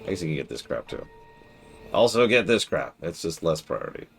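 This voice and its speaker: Deep, gravelly man joking through a game stream. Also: big pitch swings, fairly quick, faint music behind. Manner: sarcastic, mock-dramatic asides to game characters.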